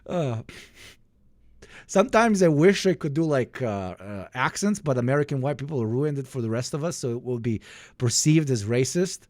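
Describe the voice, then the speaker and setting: A man's voice: mid-range voice, expressive, normal speed, a little mellow, no echo, clean studio sound. A man live-streaming and reacting to clips with sarcastic, profane jokes.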